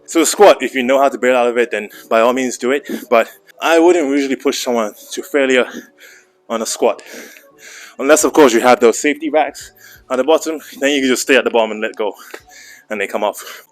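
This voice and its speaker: Breathless gym vlogger, joking. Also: male voice, medium pitch, a little fast, soft background music. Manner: joking, chatty coaching asides. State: out of breath between sets. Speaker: fitness vlogger. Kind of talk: casual vlog commentary. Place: indoor private gym.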